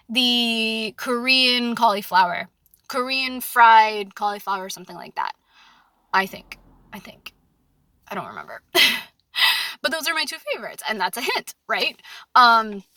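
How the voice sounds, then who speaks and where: A woman's voice: mid-range voice, bright, forceful tone, no echo. A young woman talking frankly about dating in a casual monologue, full of fillers and anecdotes. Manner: chatty, frank, anecdote-driven with many fillers. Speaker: dating advice commentator.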